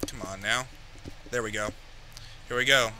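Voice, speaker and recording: Over loud background music and a slight hiss or hum, a man with a fairly low, steady voice streams a racing game at normal speed. As he drives he talks to himself, frustrated and ranting about a crash in his live commentary.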